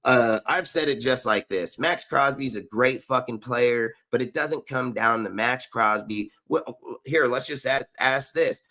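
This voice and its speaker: A man's voice: medium pitch, unhurried, sharp tone. Fired-up profane man in a sports rant. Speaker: podcast host. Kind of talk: heated sports talk rant.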